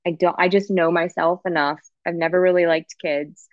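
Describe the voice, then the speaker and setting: A woman's voice: lowish voice, flat delivery, normal speed, no echo, lo-fi sound. A woman in her thirties, a podcast guest, speaking candidly and emotionally in a rambling conversational way. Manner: frank, emotional, rambling with restarts.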